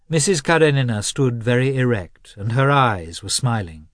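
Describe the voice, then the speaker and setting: A man narrating a classic novel in an expressive, measured storytelling manner. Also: medium pitch, no room sound, studio quality. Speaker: audiobook narrator.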